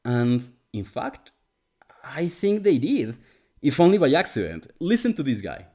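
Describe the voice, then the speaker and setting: A man with a Spanish mother tongue narrates a video essay in a scripted, sardonic tone. His pitch rises and falls with lively emphasis as he grows exasperated. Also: a little slow. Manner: sarcastic, exasperated critique. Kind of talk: scripted commentary.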